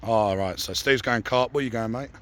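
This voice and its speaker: A man with a croaky voice, chatting and bantering as he commentates a fishing session outdoors. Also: mid-range voice, a little fast, fairly bright tone, slight background noise. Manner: banters and asks questions. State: croaky after losing his voice to a cough. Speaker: angler and channel host. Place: lakeside outdoors.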